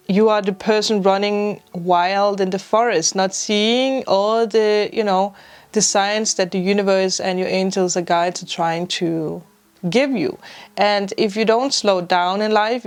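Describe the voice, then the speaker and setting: A woman giving a spiritual tarot reading to her viewers. She rambles, keeps repeating "I do feel" and fills her talk with "you know" and "like". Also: medium pitch. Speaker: tarot reader.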